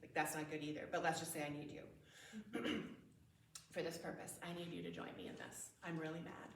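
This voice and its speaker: A woman's voice: low-pitched, flat delivery, brisk, gravelly, a little hiss or hum. A woman giving a talk at a parenting conference, conversational, often acting out example phrases and laughing. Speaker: conference speaker. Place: church hall. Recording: echoey room, mic at a distance.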